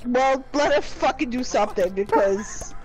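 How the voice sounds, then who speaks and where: A young woman playing a game on stream, loud and swearing, laughing and exasperated. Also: a little high, normal speed, poor audio. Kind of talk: casual let's-play reactions. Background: game music.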